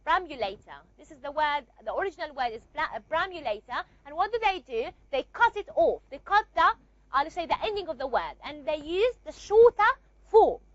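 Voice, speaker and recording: High-voiced woman teaching a lecture. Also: big pitch swings, brisk, no echo, muffled recording. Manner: repeats and asks rhetorical checks, with frequent fillers. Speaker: linguistics teacher. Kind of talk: recorded classroom lecture.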